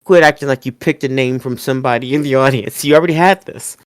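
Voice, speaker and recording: A man hosting a podcast, chatting casually in an animated way, swearing freely and often laughing. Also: medium pitch, fast talker, no echo, clean studio sound. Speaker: podcast host. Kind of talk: casual wrestling review chat.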